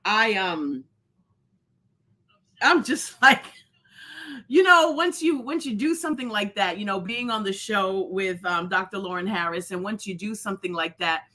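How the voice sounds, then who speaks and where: A woman's voice: mid-range voice, expressive, a little slow, bright, forceful tone. A woman hosting a live stream in casual chat, effusive and rambling, greeting viewers by name. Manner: rambling, many fillers and restarts. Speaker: host of a live show.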